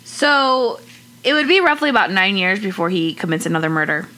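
A woman co-hosting a true-crime podcast, laying out the case in a relaxed, casual way and swearing now and then. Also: mid-range voice, brisk. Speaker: podcast co-host.

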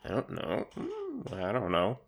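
A man's voice: on the low side, huge pitch swings, unhurried, gravelly, husky. A man co-hosting a podcast in casual chat, rambling and hesitant, with many restarts. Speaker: podcast co-host.

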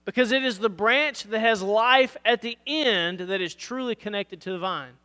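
Pastor, male, hoarse, earnest sermon delivery, bright tone in a reverberant sanctuary. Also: high voice, normal speed. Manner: earnest preaching, reads scripture aloud, asks "All right?". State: losing his voice.

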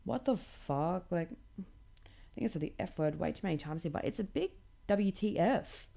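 A woman's voice: on the low side, moderate pace, vocal fry. A young woman hosting a podcast, ranting casually with lots of swearing, filler "like"s and sarcasm. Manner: swears a lot, many likes, animated and sarcastic. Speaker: podcast host.

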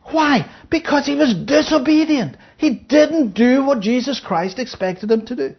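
A woman's voice: high-pitched, animated, a little slow, husky, dull audio. A woman Bible teacher giving a conversational sermon, reading verses aloud and explaining them, often checking in with her listeners. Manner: checks in with listeners, asking 'Yeah?'; reads scripture aloud, then explains it.

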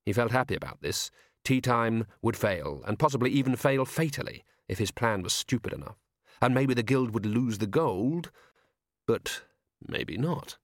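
Male audiobook narrator, mid-range, deliberate delivery; dry close-mic studio read. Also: medium pitch, no room sound. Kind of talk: scripted narration.

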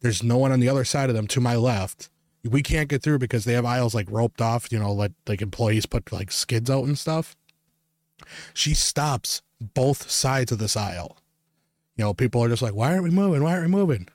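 A man's voice: mid-range voice, moderate pace, no echo. A man on a podcast telling a long, profane story, emphatic and rambling, with lots of "like" and "you know.". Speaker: podcast co-host. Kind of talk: ranting anecdote to co-hosts.

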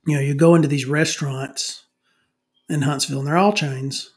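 A man's voice: on the high side, steady tone, normal speed, husky. A middle-aged man on a comedy podcast, ranting and rambling with constant swearing and many restarts.

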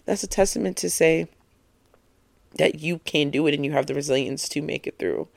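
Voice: medium pitch, moderate pace, creaky, no room sound. A speaker in their twenties giving a casual, encouraging monologue as a vlogger, earnest and reflective, often laughing at their own points. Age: 20s.

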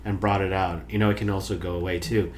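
Low-pitched and quick, with a flat delivery, an older man hosts a casual radio talk show. He rambles and jokes through comic chat, stacking fillers and restarts, while faint background noise can be heard.

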